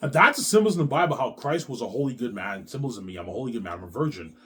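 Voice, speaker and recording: Man, 30s, vlogger. Agitated, repetitive, swears constantly, with pitch swinging wide between loud outbursts and low mutters. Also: animated, very fast, husky. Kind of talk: rambling monologue to camera.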